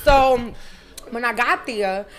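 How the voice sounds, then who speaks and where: A woman's voice: a little high, slow, fairly bright tone. A woman from New York with a New York accent, hosting a casual podcast chat in a blunt, streetwise, profane storytelling way. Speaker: podcast host.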